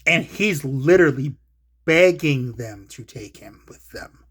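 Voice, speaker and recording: A husky-voiced man, speaking a little slowly, hosts his own show and rants casually about films. Heavy swearing runs through it as he veers from low mutters to loud excitement.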